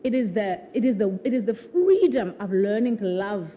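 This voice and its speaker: A woman's voice: medium pitch, sing-song, moderate pace, mellow, dull audio, slight background noise. A woman author speaking at her own book launch, chatting animatedly before a live audience, laughing often and restarting sentences with repeated words. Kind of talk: conversational talk at a live event. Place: live festival event with an audience.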